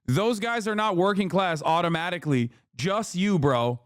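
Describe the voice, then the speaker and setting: A man's voice: high-pitched, animated, a little slow, clear, resonant tone, no room sound, studio quality. A man streaming, reacting to news clips in casual, blunt, slangy commentary. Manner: blunt, profane, slangy, lectures chat.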